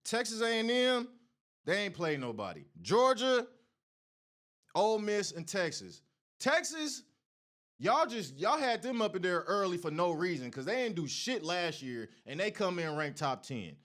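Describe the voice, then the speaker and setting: A man's voice: sits high, sing-song, a little slow, fairly bright tone. A man hosting a sports show, delivering a heated, profane college football rant that trash-talks rival fans. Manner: Oregon fan taunting rival fans.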